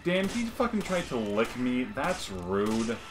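A man's voice: mid-range voice, big pitch swings, slow, noisy background. Joking, swearing man playing a game. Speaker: let's play host. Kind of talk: casual gameplay chat.

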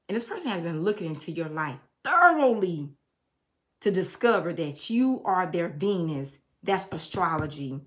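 A woman's voice: on the low side, sing-song, normal speed. A woman giving an emotional tarot reading to her viewers. She speaks in a preachy way and breaks into snatches of songs. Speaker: tarot reader.

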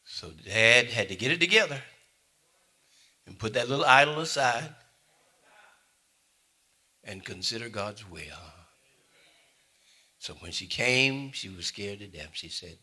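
A man preaching a sermon, swinging between loud calls and quiet asides to his congregation. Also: fairly low pitch, expressive, slow pace, pauses often, breathy edge. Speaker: pastor.

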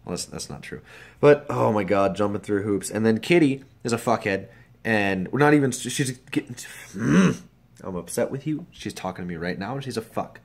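A young man vlogging casually about his computer upgrade and daily routine, swearing freely and swinging between muttered asides and loud, upbeat advice. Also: on the low side, expressive, fairly quick. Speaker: vlogger and streamer. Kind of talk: casual vlog.

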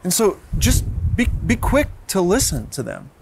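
A man's voice: sits high, huge pitch swings, normal speed, creaky, background noise. A man in his thirties, a pastor giving a sermon in an earnest way, often repeating words as he restarts.

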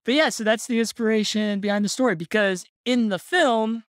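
A podcast host telling a story in casual chat, relaxed and laughing often. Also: mid-range voice, brisk, no echo, studio quality.

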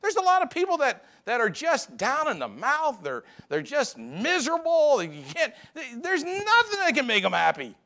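A man preaching a Sunday sermon in a church, talking to the congregation in a conversational way, his voice rising for emphasis and then dropping low. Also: wildly swooping pitch, moderate pace, few pauses, bright, forceful tone. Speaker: pastor. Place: church sanctuary.

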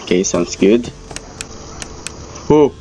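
Slow-talking jumpy gamer man. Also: on the low side, lively intonation, warm tone, a little hiss or hum, low-quality recording. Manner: jumpy, exclaiming, easily startled. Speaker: gamer playing a horror game. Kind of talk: let's-play gaming commentary. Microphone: headset.

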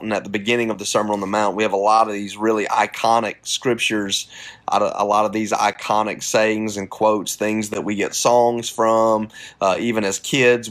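A man's voice: on the low side, a bit bright. A man, a pastor, giving a casual devotional talk on a podcast, earnest and encouraging, with plenty of fillers, streamed live from a phone. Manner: casual, conversational preaching with many fillers.

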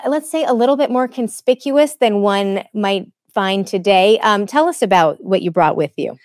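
A woman hosts a tech podcast, friendly and quick to laugh, sometimes restarting a sentence mid-thought. Her voice sits at a middle height and sounds dry and close on a studio mic. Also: medium pitch, a little mellow, no room sound. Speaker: host. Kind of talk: conversational tech podcast hosting. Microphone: studio microphone.

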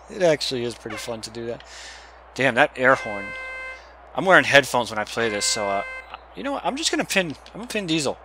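A young man giving casual gameplay commentary, excitable and swearing as he yells at the game. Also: medium pitch, brisk. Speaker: gamer.

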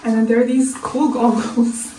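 A woman's voice: a little high, level tone, moderate pace, dark tone, echoey room, far from the mic, a little hiss or hum. A woman in her twenties talking casually to camera in a candid, chatty and slightly anxious way. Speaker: vlogger. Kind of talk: casual vlog talk to camera. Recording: music playing underneath.

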